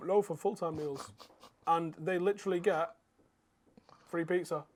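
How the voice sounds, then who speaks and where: Wry man with a higher voice. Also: steady tone, measured pace, darkish tone, slight background noise. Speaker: podcast co-host. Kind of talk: casual chat.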